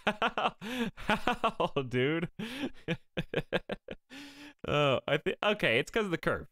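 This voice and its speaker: Lively, excitable male game streamer. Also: fairly high pitch, normal speed, few pauses, no echo, clean studio sound. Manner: excitable, reacting aloud and bantering with chat. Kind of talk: live game-stream commentary.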